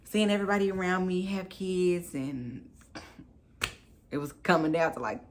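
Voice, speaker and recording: A woman's voice: lowish voice, lively intonation, moderate pace. A woman in her thirties, a new mom telling her story to camera in a candid, chatty, emphatic way.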